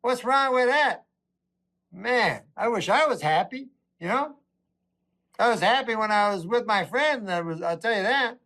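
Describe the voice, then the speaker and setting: A man, a stand-up comedian, delivering a meandering, deadpan monologue. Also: high-pitched, unhurried.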